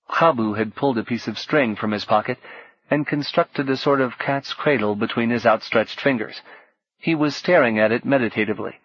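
A man reading a novel aloud in a soft, measured, low-key manner. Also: no echo, highs cut off. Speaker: audiobook narrator. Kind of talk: scripted narration.

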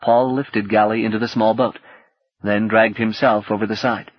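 A man narrating an audiobook in a calm, steady reading manner. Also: on the low side, normal speed, dry recording. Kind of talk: scripted narration. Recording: dull, dry cassette audiobook.

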